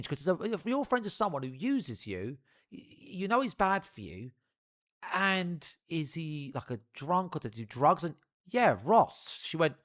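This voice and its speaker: A man's voice: a little high, very animated, unhurried, fairly bright tone. A young man telling a rambling, profane story to his live stream audience.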